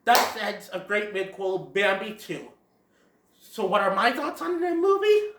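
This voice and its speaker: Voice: medium pitch, animated, measured pace, noisy background. A fan movie reviewer casually retelling a film in a rambling, repetitive way. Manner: rambling, repetitive 'and then'. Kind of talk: casual story-style movie recap. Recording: roomy echo.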